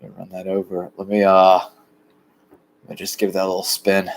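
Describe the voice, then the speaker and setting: A man from the rural United States, talking in a rambling, plain, deliberately low-key monologue outdoors by a shed. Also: completely flat delivery, a little hiss or hum. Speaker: vlogger.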